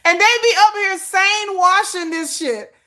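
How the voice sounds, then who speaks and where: A woman hosting casual pop-culture commentary, telling stories in an animated, colloquial way with frequent laughter. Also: extremely high pitch, a little slow. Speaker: host.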